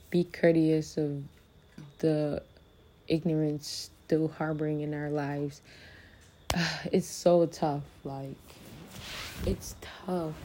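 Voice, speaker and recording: Casual podcast host, young woman, deep warm tone, blunt and profane, talks straight to listeners. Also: slight background noise. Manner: candid and profane, addresses listeners as loves. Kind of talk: casual motivational monologue.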